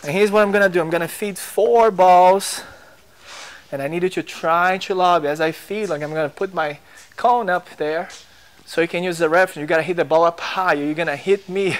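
A man's voice: high voice, moderate pace. A man coaching young players on a tennis court, encouraging them with short drill commands.

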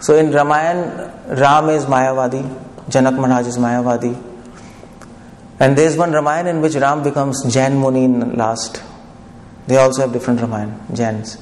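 In an echoey hall with a little background noise, a man preaches a devotional lecture, talking casually and asking his listeners frequent questions. He has a medium-pitched voice with a darkish tone.

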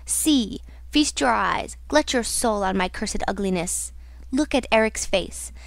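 A disfigured, tormented man of a gothic storybook, mocking one moment and crying out in anguish the next, as a woman reader puts him on. The voice sits fairly high and sounds dry and close. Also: lively intonation, a little slow, gravelly, no echo. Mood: mocking, bitter. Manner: alternates mocking taunts with anguished cries. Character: disfigured tormented man, raging and self-pitying. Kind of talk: audiobook reading.

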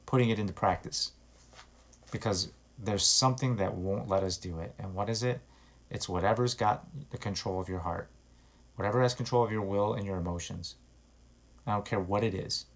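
A man's voice: fairly low pitch, moderate pace. A man preaching an informal sermon, earnest and exhorting, rising to emphatic bursts as he reads scripture and urges repentance.

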